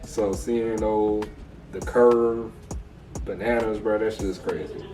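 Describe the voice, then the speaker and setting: American man, sports podcast co-host, casual and slangy, lowish voice, roomy echo, distant mic. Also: steady tone, slow pace, warm tone, faint music behind. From United States. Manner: laid-back, slangy, says "bro" often. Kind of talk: casual sports recap chat. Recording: echoey room, mic far off.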